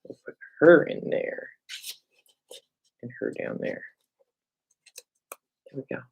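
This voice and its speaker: The audio is narrow and tinny as a middle-aged woman speaks slowly during a casual crafting livestream at her home craft table. She works while chatting with viewers by name, thinking aloud and talking to herself.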